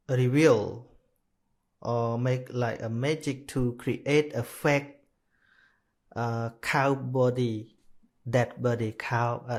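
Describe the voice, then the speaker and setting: Man, Khmer first language, dharma talk, very slow, stops and corrects himself. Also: mid-range voice, a little mellow. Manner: slow, hesitant, with many restarts and self-corrections. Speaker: Buddhist monk teaching dharma. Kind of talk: live dharma talk, telling a story.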